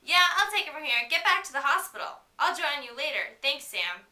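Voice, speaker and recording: A woman's voice: high-pitched, big pitch swings, fairly quick, pushed and bright, distant mic, heavily acted. A woman voicing an anxious, protective teenage boy, urging and pleading, recorded in an echoey room away from the mic. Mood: worried. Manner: urgent, pleading.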